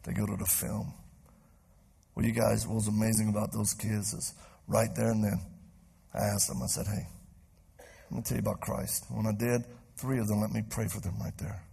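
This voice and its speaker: Male preacher, gravelly husky voice, animated storyteller on a church stage. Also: on the low side, normal speed, pauses often. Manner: animated, acts out voices in stories. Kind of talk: sermon storytelling. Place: church stage before a live crowd.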